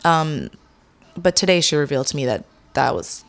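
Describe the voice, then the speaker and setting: A young adult woman speaking candidly as an interview guest, with many pauses and fillers. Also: deep voice, very animated. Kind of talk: casual interview.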